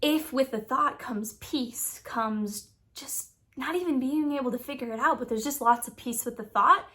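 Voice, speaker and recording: A young woman, a Christian YouTuber, giving an earnest, expressive faith teaching to camera. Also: high-pitched, normal speed. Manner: earnest, expressive, playfully acts out quoted thoughts. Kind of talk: faith-based teaching vlog.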